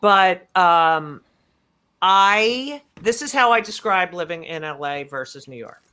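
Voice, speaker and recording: Bright brash older woman from New Jersey. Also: fairly low pitch, animated, clean tone. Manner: brash, swearing, quick to laugh. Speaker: comedian guest. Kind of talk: casual chat.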